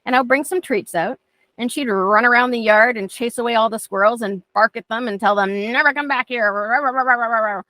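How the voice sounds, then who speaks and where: A woman's voice: fairly high pitch, a little fast, fairly bright tone, no echo. A woman dog trainer teaching a class in a chatty way, often acting out how she talks to her dogs. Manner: chatty, acts out talking to dogs.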